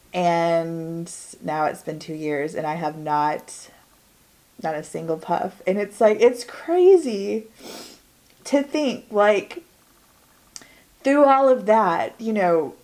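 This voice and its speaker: A woman's voice: fairly low pitch, a little slow, a little mellow. A woman in her forties, vlogging a chatty get-ready-with-me while doing her makeup at home, talking in a candid, rambling way that drawls and trails off. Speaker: beauty vlogger.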